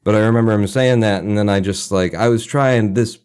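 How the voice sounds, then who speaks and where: A man co-hosting a podcast, telling a story in casual chat, animated and laughing between lines. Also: lowish voice, fairly quick, smooth. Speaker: podcast co-host.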